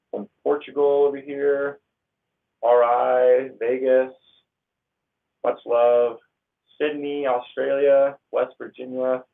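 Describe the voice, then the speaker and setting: Gravelly young man on a tinny stream. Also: mid-range voice. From Northern California. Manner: reads out viewer comments, upbeat and slangy. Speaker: livestream host. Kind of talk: casual livestream chat. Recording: tinny phone-like audio.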